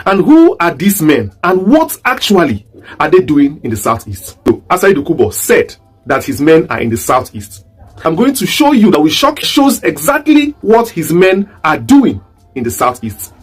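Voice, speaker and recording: A man's voice: a little high, wildly swooping pitch, normal speed, slightly rough, faint music behind. A man from southeast Nigeria with a Nigerian accent, giving an online commentary monologue full of rhetorical, repeated questions. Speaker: political commentator.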